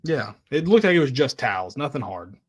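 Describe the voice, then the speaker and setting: An easygoing young man chats about sports, often puzzling things out aloud. His mid-pitched voice is recorded dry and close, without any room sound. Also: very animated, fairly quick, husky, dry recording, lo-fi sound. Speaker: podcast co-host. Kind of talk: casual sports chat.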